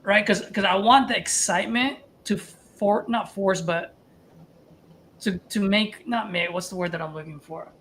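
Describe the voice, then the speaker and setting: A man coaching a trainee, animated and casual, talking through sales feedback. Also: high-pitched, unhurried. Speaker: wholesaling coach and host.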